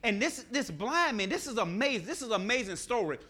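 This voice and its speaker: Man, middle-aged preacher, high voice, bright tone, sermon, repeats phrases for emphasis. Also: fairly quick. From Nashville, Tennessee. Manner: animated preaching, acts out scripture dialogue, repeats key phrases.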